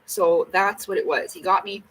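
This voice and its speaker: A woman's voice: medium pitch, steady tone, normal speed, slight background noise, poor audio. A woman chatting casually to camera at home, blunt and rambling, with plenty of swearing. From Canada. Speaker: vlogger.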